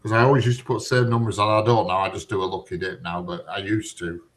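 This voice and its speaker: A man's voice: lowish voice, fairly even intonation, fast talker, a bit bright. Chatty man. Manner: chatty, blunt, swears, laughs at own stories. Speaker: storyteller in a group chat. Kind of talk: casual chat.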